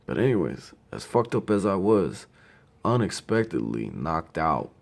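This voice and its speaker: Brief: man in his thirties, very low gravelly voice, lively swings in pitch, blunt profane storyteller. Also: measured pace. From Ohio. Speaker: grieving older brother. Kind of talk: personal tribute monologue.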